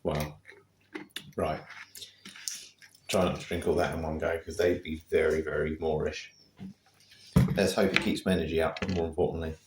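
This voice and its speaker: A man's voice: rumbling low, level tone, normal speed, pauses often, background noise. A young man chatting casually to his phone while out running by the sea, with lots of fillers and a self-deprecating manner. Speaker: vlogger. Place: outdoors by the sea. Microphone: handheld phone.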